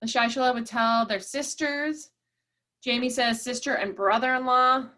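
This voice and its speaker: A woman's voice: a little high, steady tone, moderate pace, pushed and bright. A woman running an online workshop, reading out participants' chat replies and cheering them on, saying "y'all" often. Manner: upbeat, encouraging, says "y'all" often. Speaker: workshop facilitator.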